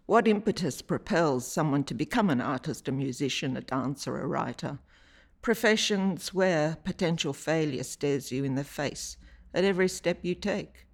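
A woman from Italy, native in Italian, is an artist reading her personal reflections slowly and deliberately, pausing often. Her voice sits low with lively intonation.

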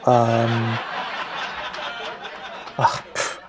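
A man's voice: mid-range voice, lively intonation, moderate pace, pauses often, noisy background. A male comedian telling a rambling, self-mocking story, with frequent "right?" asides.

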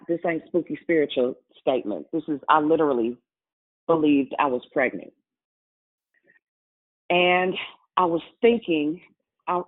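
Woman preacher, testimony sermon, chatty and direct, tinny lo-fi audio. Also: deep voice. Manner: conversational, addresses congregation directly. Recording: tinny phone-like sound.

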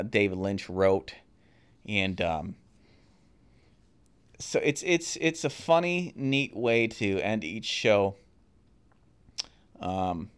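Rambling low-voiced podcast host, man. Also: smooth. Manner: rambling, many fillers and restarts. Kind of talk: casual solo review talk.

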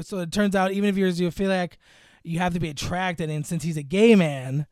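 Young male co-host, high smooth voice, dry close sound, rambling movie recap full of "like". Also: fairly even intonation, brisk, darkish tone, no echo. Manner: rambling, filler-heavy storytelling, acts out lines in higher voices. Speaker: podcast co-host. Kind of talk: casual movie recap chat. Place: home room.

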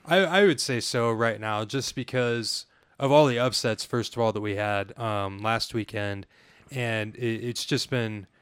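A man's voice: lowish voice, a little slow, fairly bright tone, smooth, dry recording, clean studio sound. A young man co-hosting a podcast, chatting casually and telling a rambling story with frequent restarts. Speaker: podcast co-host. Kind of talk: casual sports chat and storytelling.

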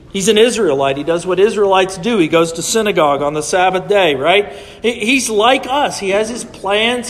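A pastor with a high voice preaches a sermon in his church sanctuary, the sound carrying through a large hall. His delivery is conversational, and he keeps checking in with listeners through frequent "right?" asides.

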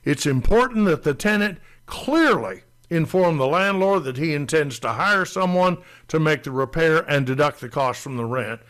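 A man co-hosting a talk show, explaining rental rules in a deliberate way and stressing key words. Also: fairly high pitch, lively intonation, fairly bright tone. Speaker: landlord co-host explaining rental law.

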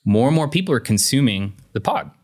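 A man's voice: medium pitch, very animated. A man co-hosting a podcast in casual chat, teasing dryly and correcting his partner. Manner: dry teasing, quick corrections. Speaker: podcast co-host.

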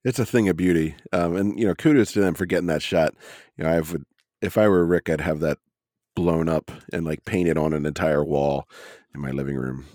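A man's voice: extremely low pitch, steady tone, a little fast, mellow, no echo, studio quality. A man co-hosting a podcast, joking in a laid-back way about a wrestling match. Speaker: podcast co-host. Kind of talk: casual chat reviewing a wrestling match.

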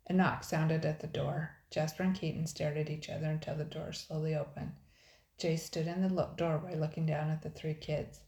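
Sex: woman. Style: storybook reading, measured. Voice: low. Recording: echoey room. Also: warm tone. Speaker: narrator.

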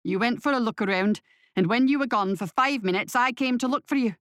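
A woman playing a blunt, gruff male thief. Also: on the high side, fairly quick, no room sound, studio quality, close to an everyday voice. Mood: dismissive. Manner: blunt, dismissive, colloquial.

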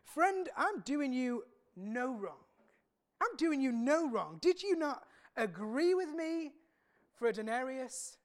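Woman doing a composed landowner, measured, firm, a little high. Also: full character voice. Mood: calm. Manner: calm and measured. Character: calm, aloof male landowner, measured and firm.

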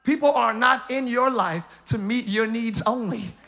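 A man preaching a live church sermon as pastor, joking with the congregation, hyped up and breaking into shouts and laughs. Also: very high-pitched, a little slow, slight background noise. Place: church service.

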